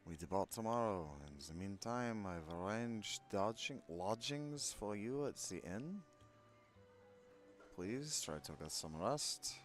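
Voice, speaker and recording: A man reading as a calm imperial general. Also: on the low side, soft background music. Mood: courteous. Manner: slow and measured. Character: calm, courteous middle-aged male imperial general.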